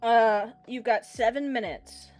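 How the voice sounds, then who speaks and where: A woman's voice: fairly high pitch, steady tone, a little slow, a little mellow, soft background music. A woman co-hosting a livestream, chatting casually with a giggly, rambling manner. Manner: giggly, rambling, laughs often. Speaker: stream co-host.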